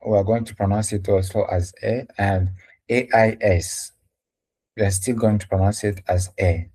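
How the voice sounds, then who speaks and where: A man's voice: lowish voice, steady tone, normal speed, warm tone. A man whose first language is French, patiently teaching French letters and sounds in English during a live lesson.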